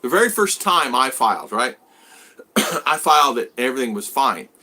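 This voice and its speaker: Bright-voiced man in his sixties, rambling. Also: mid-range voice, big pitch swings, normal speed. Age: 60s. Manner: rambling, greets viewers by name and reads their comments. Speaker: vlogger host. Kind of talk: casual live-stream chat.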